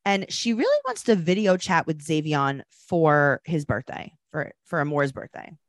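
Lively low-voiced woman podcast host. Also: moderate pace, no room sound. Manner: animated, does mocking voices of people. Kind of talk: casual chat recapping TV.

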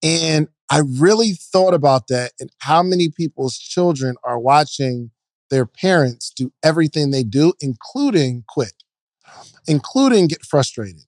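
A man's voice: a little high, lively intonation, measured pace, a little mellow, dry recording. A man co-hosting a podcast, telling stories in a loose, casual way with many "like"s. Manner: loose anecdotal storytelling with filler "like". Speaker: podcast co-host.

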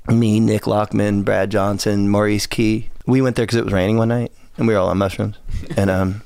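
A man's voice: fairly low pitch, little pitch movement, moderate pace, vocal fry, a little mellow, clean tone, dry recording. A man from Southern California, a podcast guest telling long, profane stories that ramble and often break into laughter. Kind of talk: casual storytelling.

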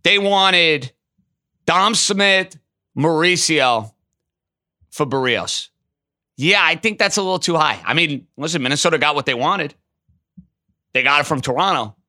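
A man hosting a call-in sports talk show, taking callers and arguing his takes emphatically. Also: a little high. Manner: emphatic, animated, quick to riff. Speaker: sports radio host.

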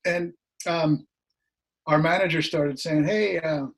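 Middle-aged man, slightly hoarse, raised pitch, lively anecdote teller on a video call. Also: slow, a crowd in the background. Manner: animated, laughs while telling anecdotes. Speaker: guest musician. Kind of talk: casual storytelling.

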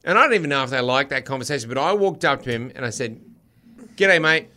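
A middle-aged Australian man with a bright, forceful voice, chatting loosely on a podcast. He tells stories and acts out the people in them as he goes. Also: medium pitch, lively intonation, rapid-fire. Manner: storytelling, acts out other voices. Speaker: radio host. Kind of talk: casual podcast chat.

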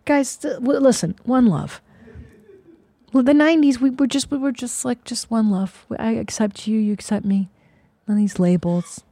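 A woman's voice: a little high, normal speed, dark tone, no echo. A middle-aged woman hosting a podcast, ranting bluntly and sarcastically with lots of swearing. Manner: profane, blunt, sarcastic rants. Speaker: podcast host. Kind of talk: casual podcast chat.

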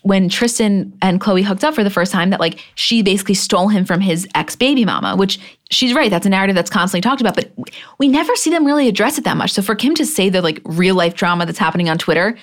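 A young woman co-hosting a podcast recaps a TV show in a casual, gossipy chat, swearing freely. Her mid-range voice is expressive and her pace quick.

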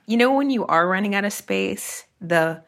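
A woman comedian guesting on a podcast, frank and quick to laugh in casual chat. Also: mid-range voice, expressive, a bit bright.

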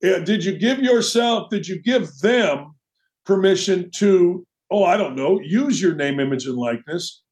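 A man's voice: high voice, measured pace. A man hosting a sports talk show, delivering a brash, opinionated monologue with mocking asides. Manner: brash, animated, mocking asides and quoted voices.

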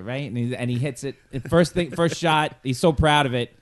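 Rambling man with a mid-pitched voice. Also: fairly quick. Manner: rambling storyteller, checks in with "right?". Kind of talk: casual chat, telling an anecdote.

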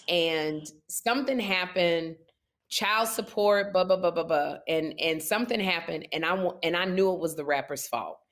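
A woman co-host in casual chat, speaking firmly and explaining her view. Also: medium pitch.

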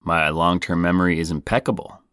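A man's voice: sits low, little pitch movement, fairly bright tone, smooth, no echo, clean studio sound. A man hosting a comedy podcast, joking and playful as he tells stories. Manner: jokey, playful, quick swings in delivery. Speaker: podcast host.

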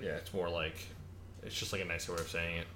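A man's voice: low voice, little pitch movement, quick pace, sharp tone, slight background noise. A man telling a story in casual podcast chat, laughing often and using many fillers.

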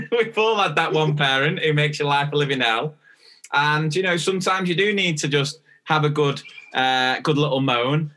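A man co-hosts a teachers' podcast in relaxed, rambling chat, full of fillers and restarts. His voice is bright and forward, pitched a little high for a man. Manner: rambling, chatty, lots of fillers and restarts, quick to laugh. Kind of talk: casual chat.

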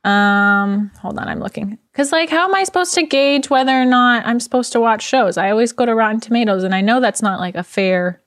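A woman co-hosting a casual chat podcast, relaxed and chatty. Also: fairly high pitch, a little fast, few pauses, dry recording, studio quality. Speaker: podcast co-host.

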